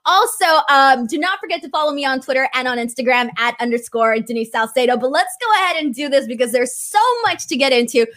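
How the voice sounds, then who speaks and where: A woman's voice: high voice, lively intonation, fast, few pauses, a bit bright. A young woman hosting a livestream, chatting casually with many fillers and gushing thanks. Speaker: wrestling show host.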